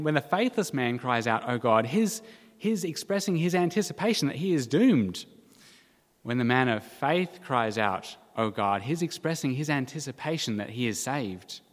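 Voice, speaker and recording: Guy preaching a sermon, earnest and measured, mid pitch, long reverb behind him. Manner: earnest, measured preaching with dramatic quoted cries. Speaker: pastor.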